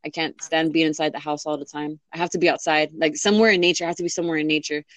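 A woman's voice: deep voice, fairly even intonation, rapid-fire, a bit bright, no room sound. A young woman in casual chat, rambling with lots of fillers and restarts. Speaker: interviewee.

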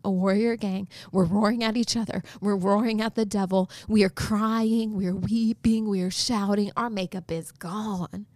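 An energetic woman telling a story on a faith podcast, eager and expressive as she talks. Her voice sits at an ordinary middle pitch. The sound is dry and close, with no room around it. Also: no room sound. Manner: excited storytelling, fast and expressive. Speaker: podcast co-host. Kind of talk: casual faith podcast chat.

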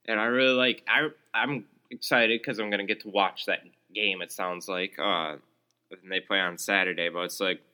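A young man talks alone into his podcast mic, venting in a sarcastic, exasperated way and stumbling over fillers as he goes. His voice sits a little low but has a very bright, sharp edge. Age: young adult. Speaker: podcast host. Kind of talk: solo ranting podcast.

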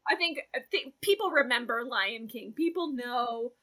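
A woman hosting a chat podcast, soft-spoken and often trailing off. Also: a little high, lively intonation, normal speed, crowd noise. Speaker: podcast host. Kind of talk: casual chat.

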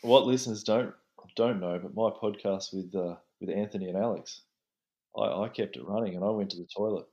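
A man in a relaxed podcast conversation, a watchmaker talking about his work. He rambles in a friendly, self-deprecating way, with a voice that sits on the low side. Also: brisk, muffled recording. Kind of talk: casual chat.

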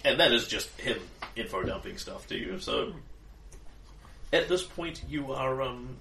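A man's voice: mid-range voice, lively intonation, a little slow, creaky. A man narrating a tabletop game as game master, rambling along with restarts and fillers. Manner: rambling, with restarts and filler while setting the scene. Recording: echoey room, distant mic, faint noise.

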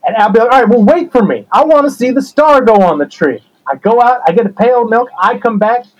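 A man's voice: very high-pitched, lively intonation, a little fast, low-quality recording. A man playing a rambling, resentful black-sheep brother in an improvised comedy interview. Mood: aggrieved. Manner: rambling, grudging, aggrieved.

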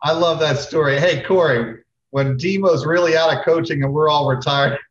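A man's voice: a little high, normal speed. A man hosting a podcast in a loose, conversational way, leading into segments with plenty of fillers. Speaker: podcast host. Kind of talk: casual podcast chat. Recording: dull, roomy remote audio.

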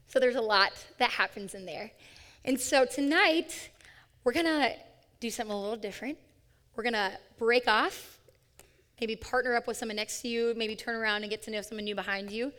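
A woman with a fairly high voice leads a sermon before a live audience. She is upbeat and playful, coaxing listeners to join in. Her words trail off in the long reverb of a large hall. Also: fairly quick, fairly bright tone. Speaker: young adult ministry speaker. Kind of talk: interactive sermon.

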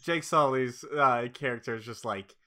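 A man chatting casually while watching a movie, joking and acting out characters in quick quoted lines. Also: medium pitch, pushed and bright. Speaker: co-host of a movie reaction. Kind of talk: casual chat.

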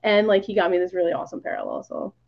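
A woman's voice: on the low side, huge pitch swings, racing, creaky, lo-fi sound. A woman guest on a podcast, telling stories in casual chat, full of "like" fillers and acted-out quotes. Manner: chatty, many "like" fillers, acts out quoted lines.

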